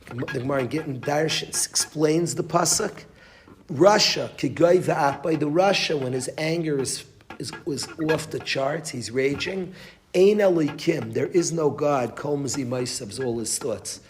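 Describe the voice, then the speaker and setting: Rabbi, male, teaching a Torah class. Emphatic, repeats phrases, slightly high voice, faint background hiss. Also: measured pace. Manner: emphatic, repeats phrases, restarts mid-sentence. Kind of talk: Torah class with Yiddish and Hebrew terms.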